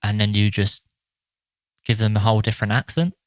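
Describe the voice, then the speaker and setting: A man's voice: fairly low pitch, fairly even intonation, fairly quick, no echo. Man chatting, dry mic. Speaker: podcast co-host. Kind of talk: casual chat.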